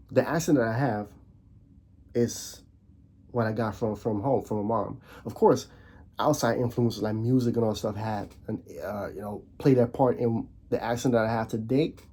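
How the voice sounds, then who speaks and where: Slightly rough yet warm, this medium-pitched male voice moves at a moderate pace. The Dutch commentary vlogger rants casually on camera, repeating himself, restarting frequently and posing rhetorical questions.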